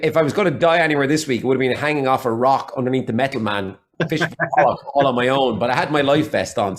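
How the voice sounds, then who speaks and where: Irish guy w a blended accent chatting on a podcast, open and rambly, goes off on tangents. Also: mid-range voice. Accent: Irish, mixed Waterford and Galway. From Ireland, Waterford. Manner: chatty, candid, rambling with asides. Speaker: podcast guest, mentalist. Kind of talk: casual interview chat.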